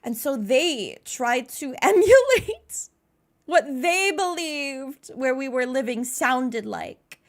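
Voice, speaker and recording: A woman's voice: sits high, sing-song, slow pace. A young American woman streaming live, chatting casually, greeting viewers by name and laughing at herself. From United States.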